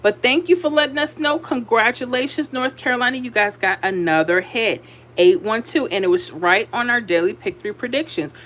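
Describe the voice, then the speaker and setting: A woman's voice: on the high side, normal speed, fairly bright tone. A tired woman hosting a casual livestream, chatting and reading out viewer comments. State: tired from little sleep. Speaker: livestream host giving lottery predictions.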